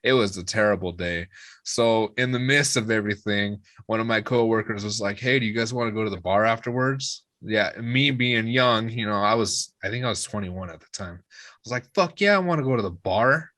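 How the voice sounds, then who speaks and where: A man's voice: on the low side, moderate pace, dry recording. A young man, a musician guest, casually telling a rowdy drinking story, swearing freely and acting out the people he quotes. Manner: swearing, lively retelling with quoted voices.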